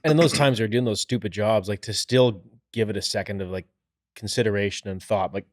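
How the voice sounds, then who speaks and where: A man with a fairly low voice talks through building-site jobs in plain, practical terms. The recording is close and dry, with little room sound. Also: brisk, dry recording. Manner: plain-spoken, explaining with trade terms. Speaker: podcast co-host, builder. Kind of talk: casual chat.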